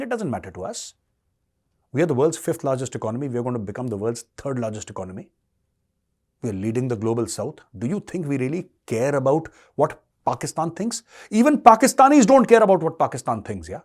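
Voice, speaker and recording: A man's voice: medium pitch, a little mellow. A middle-aged man with an Indian English accent giving a combative political monologue, taunting and sarcastic, repeating rhetorical questions. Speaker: commentator.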